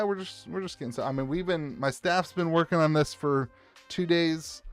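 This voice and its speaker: A man's voice: fairly high pitch, normal speed, smooth, dry recording, soft background music. Chatty Appalachian man streaming card sorting. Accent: Appalachian American. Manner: rambling, upbeat, greets chat viewers by name. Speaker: card shop owner streaming live. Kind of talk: casual live-stream chat while sorting cards.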